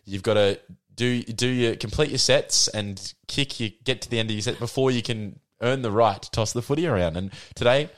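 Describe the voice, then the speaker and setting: A man co-hosting a casual sports podcast, laid-back and quick to laugh. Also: medium pitch. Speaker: podcast co-host.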